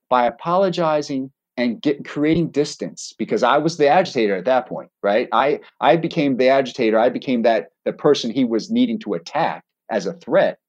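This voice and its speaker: A middle-aged man, a former hostage negotiator, telling a story from his own experience as a podcast guest. He speaks in a calm, deliberate way and pokes fun at himself with wry laughs. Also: mid-range voice, lo-fi sound. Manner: self-deprecating, with wry laughs. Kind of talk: anecdotal storytelling in a podcast interview.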